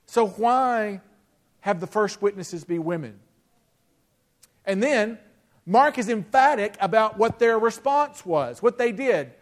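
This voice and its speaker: A man's voice: high voice, expressive, takes it slowly, pauses often. A middle-aged male pastor preaching a sermon in a conversational way, with rhetorical questions and frequent restarts.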